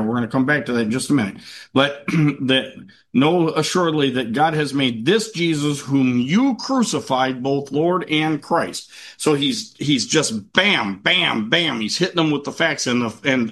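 Man, Bible class teacher, conversational, halting, restarts a lot, mid-pitched voice, reads verses quickly. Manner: loose and halting, with many restarts, reading scripture aloud at a quicker clip.

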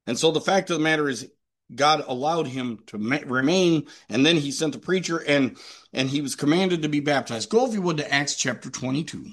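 A man's voice: on the high side, animated, a little fast, fairly bright tone. A man preaching a sermon emphatically, with rhetorical questions and repetition.

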